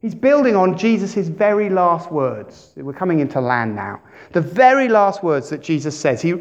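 A man preaching a sermon as pastor, animated, with big swings in loudness and questions put to the congregation. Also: a little high. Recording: dull lo-fi sermon recording.

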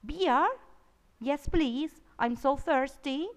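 A woman's voice: high-pitched, drawn-out words, pitched above the performer's own voice. Woman doing a deaf old wizard man. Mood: doddering. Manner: mishears words and rambles. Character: old male magician, doddering and hard of hearing. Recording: long reverb.

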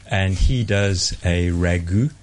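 A man from South Africa with a South African accent, talking about cooking in a relaxed, rambling way on a radio show. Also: low-pitched, slow pace. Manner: relaxed, rambling explanations with fillers. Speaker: radio co-host. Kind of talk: casual food chat on radio.

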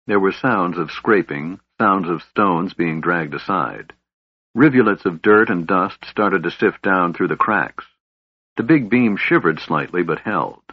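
A man's voice: low-pitched, animated, unhurried, husky, dry recording, dull audio. A man steadily narrating a fantasy audiobook with a dramatic reading.

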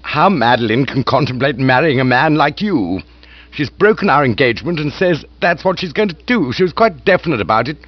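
A man voicing a hulking, bullying aristocrat who speaks with loud contempt and menace. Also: a little high, expressive, fairly quick, no echo, muffled recording, voice pushed up. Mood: aggrieved.

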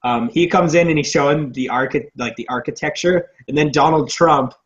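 A man's voice: on the high side, moderate pace, fairly bright tone. A young man co-hosting a casual movie podcast, rambling and profane, laughing often. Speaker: podcast co-host. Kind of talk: casual movie review chat. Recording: dull lo-fi audio.

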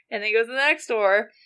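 Female comedian guest from Seattle, giggly casual chat, higher and bright. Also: clear, resonant tone. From Seattle, Washington. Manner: giggly, laughs through her retelling. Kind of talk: casual chat about anime.

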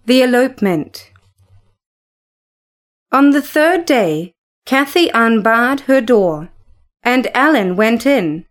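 A woman reading a novel aloud in a measured, expressive narration. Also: on the high side. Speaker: audiobook narrator. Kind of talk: scripted narration.

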